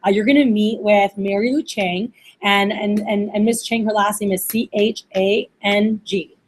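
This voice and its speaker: A woman's voice: mid-range voice, fairly even intonation, moderate pace, a little hiss or hum. A young woman running a receptionist training workshop, talking casually with lots of fillers and acting out phone calls. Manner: casual, chatty, many fillers like "like" and "uh".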